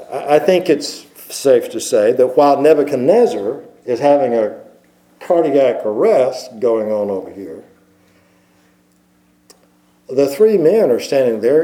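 A man's voice: mid-range voice, expressive, takes it slowly, dark tone, low-quality recording. A male pastor preaching at a microphone in a chatty storytelling way, with many fillers and restarts. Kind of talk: sermon.

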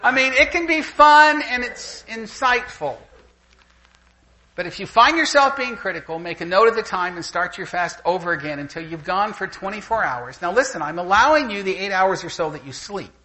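An older male preacher delivering a sermon in a high, bright voice. He tells stories in an animated way, swooping widely in pitch and chuckling along. His tone is forceful and sharp. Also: normal speed, low-quality recording. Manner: animated storyteller who laughs through anecdotes. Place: church gathering with a live audience.

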